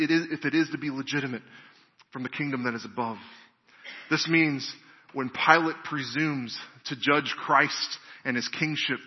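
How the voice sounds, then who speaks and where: A male pastor preaching a sermon in an earnest, measured way, often restarting his phrases. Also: medium pitch, long reverb tail, lo-fi sound.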